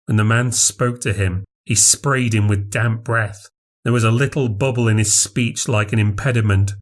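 A man narrating a horror story in a measured, unhurried reading. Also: lowish voice, steady tone.

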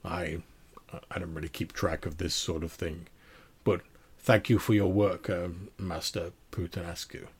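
A man voicing a deep-voiced, haughty aristocratic male baron in a tabletop game. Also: flat delivery, a little slow, husky, full character voice. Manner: haughty, imperious.

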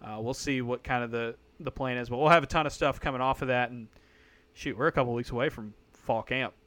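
A man co-hosting a casual sports podcast, talking in an animated, sarcastic way with mock-outraged asides. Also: medium pitch, a little fast. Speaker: podcast co-host.

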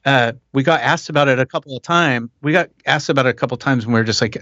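A male musician in a relaxed podcast chat, rambling and self-deprecating as he gestures while he talks. His voice is mid-pitched and recorded dry and close. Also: quick pace, no echo, lo-fi sound. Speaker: musician guest. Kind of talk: casual conversational interview.

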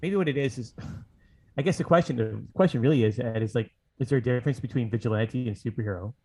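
A man's voice: medium pitch, fast, warm tone, slightly rough. Rambling man hosting a chat show. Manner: rambling, thinking aloud with fillers. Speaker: podcast host. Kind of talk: casual chat.

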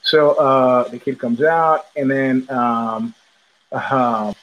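A man hosting a podcast, telling a story in a loose, animated way and acting out the voices of the people in it. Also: mid-range voice, very slow, muffled recording. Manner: animated, profane, acts out quoted voices. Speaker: podcast host. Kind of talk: casual storytelling monologue. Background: child heard in the background.

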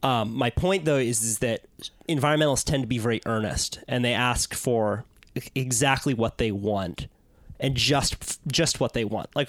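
Podcast host, man, mid-pitched, chatty, thinking aloud, dry booth sound. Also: normal speed, no echo. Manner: conversational, uses many fillers while explaining. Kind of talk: casual chat. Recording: dry close-mic sound.

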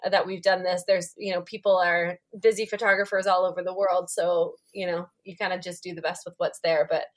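A woman's voice: fairly low pitch, a little fast. A woman hosting a casual podcast interview, chatty and reassuring. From Canada. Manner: relaxed and reassuring, chatty, laughs easily. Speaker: podcast host.

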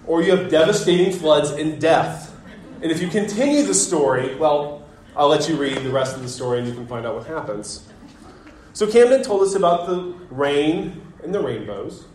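A man in his thirties preaching a sermon as pastor, telling a family story in a relaxed, conversational way with gentle self-deprecating humor. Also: on the high side, slight background noise. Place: church sanctuary. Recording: echoey church sanctuary.

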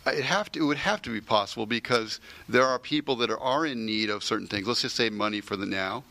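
A man's voice: fairly low pitch, fast, vocal fry, pushed and bright. A man in a group discussion, answering briefly and then reasoning his point through.

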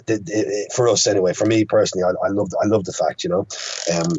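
A man's voice: on the low side, steady tone, fast, darkish tone, husky, muffled recording. A young Irish man, a filmmaker, chatting casually as a podcast guest and rambling with frequent restarts. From Ireland. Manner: rambling, many restarts and stammers.

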